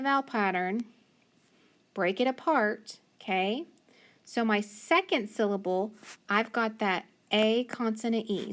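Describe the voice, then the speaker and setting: A woman teaching a phonics lesson, slowly and patiently sounding out letters and syllables. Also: medium pitch, a bit bright.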